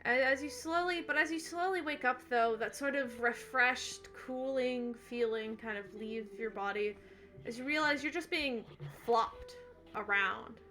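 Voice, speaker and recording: A woman's voice: fairly high pitch, unhurried, bright, forceful tone. A woman game master narrating a tabletop game in a loose, casual way, full of fillers.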